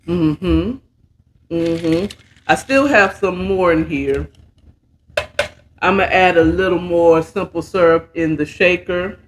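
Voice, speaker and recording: A woman's voice: lowish voice, slow pace, long pauses, a little hiss or hum. A woman hosting a casual bedtime story recap, chatting in a laid-back, slangy way while mixing and sipping a cocktail. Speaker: host and storyteller.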